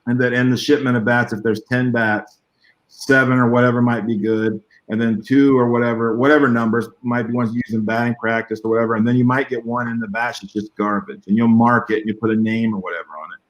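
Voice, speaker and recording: A man talks over a video call, spinning a long anecdote in loose, rambling sentences. His pitch sits in an ordinary middle range. He chuckles now and then and keeps an easy, conversational flow. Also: brisk, lo-fi sound. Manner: rambling, animated storytelling with chuckles. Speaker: guest artist. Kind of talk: casual conversation.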